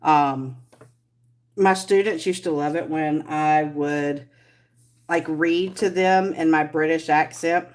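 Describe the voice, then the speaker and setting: A woman's voice: low-pitched, steady tone, slow pace, a little mellow. A middle-aged woman hosting a casual live stream, chatty and rambling as she greets viewers by name. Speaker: livestream host.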